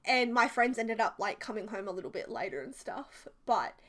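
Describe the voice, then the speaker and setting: A woman's voice: medium pitch, lively intonation, fairly bright tone. A woman in her twenties with an Australian accent, rambling through a funny personal story in casual vlog talk, laughing often and filling her sentences with "like". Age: 20s. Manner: chatty, rambling, quick to laugh, many "like"s. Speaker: Sims speed-build vlogger. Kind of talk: casual storytime over a speed build.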